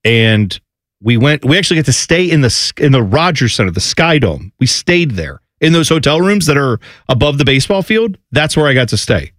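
A man's voice: medium pitch, big pitch swings, brisk, a bit bright, no echo, studio quality. Man spinning long radio anecdotes. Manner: rambling anecdotal storytelling. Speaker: radio co-host. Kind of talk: casual sports-radio banter. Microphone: studio microphone.

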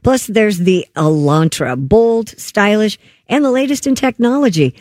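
Radio guy doing the ad read, high voice, upbeat salesy, dry sound. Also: lively intonation, measured pace, darkish tone, no echo. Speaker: radio show co-host. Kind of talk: reading a live ad read.

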